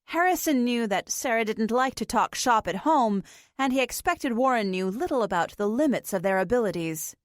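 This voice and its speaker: A woman's voice: fairly high pitch, lively intonation, moderate pace, no echo. Woman narrating an audiobook, dry sound. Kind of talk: scripted narration.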